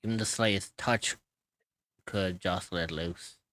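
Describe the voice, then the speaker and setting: A male streamer with a low but bright, forceful voice chats casually and laughs often. He drops the occasional curse. His voice comes through a dry, close mic. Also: a little slow, no echo.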